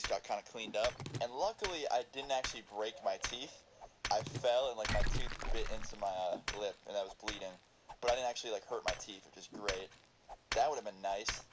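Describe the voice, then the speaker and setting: A man casually telling a story over gameplay, animated and full of swearing. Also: fairly low pitch. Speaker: gaming video host. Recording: loud background noise.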